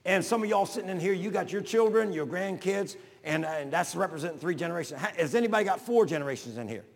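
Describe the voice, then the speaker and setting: An older man preaching a folksy sermon to his congregation, building to shouts. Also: high-pitched, lively intonation, fast talker, creaky, slightly rough, in a large hall. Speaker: pastor.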